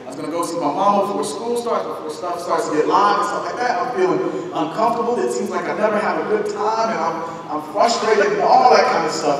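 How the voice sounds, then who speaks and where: A man giving a talk as a guest speaker, telling a personal story in a lively way and acting out the voices of the people in it. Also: high voice, fast. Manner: animated, acts out voices in his story. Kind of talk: storytelling lecture. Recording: echoey hall recording from far off, noisy.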